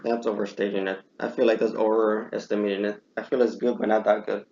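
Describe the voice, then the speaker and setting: A young man hosting a casual chat, telling stories with lively bursts as he acts out his own reactions. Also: lowish voice, fast talker. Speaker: podcast host. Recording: muffled lo-fi recording.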